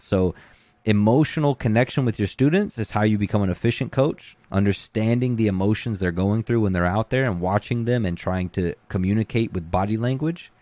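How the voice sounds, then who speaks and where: A man's voice: low voice, dry recording. A man who coaches jiu-jitsu, talking casually and acting out the things people say to him. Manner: animated, acts out quoted voices. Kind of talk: casual podcast talk.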